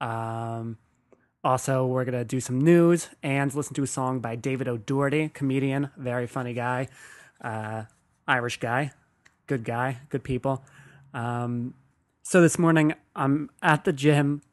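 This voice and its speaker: A man's voice: medium pitch, a little slow. A man hosting his own podcast, telling stories in a loose, rambling monologue. He swears freely and pokes fun at himself as he talks. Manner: rambling, profane, self-deprecating. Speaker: podcast host. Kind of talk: casual comedic monologue.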